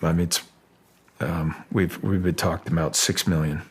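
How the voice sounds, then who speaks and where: A middle-aged man, an actor guest in a casual interview, speaking with a husky voice, often restarting his sentences and growing lively as he tells a story. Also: sits low. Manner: halting, restarts often, grows animated while telling a story.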